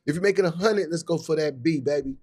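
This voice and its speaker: A man's voice: a little high, fast talker, darkish tone. A man hosting a live business stream, talking in a hyped, repetitive way with casual slang. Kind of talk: motivational live talk.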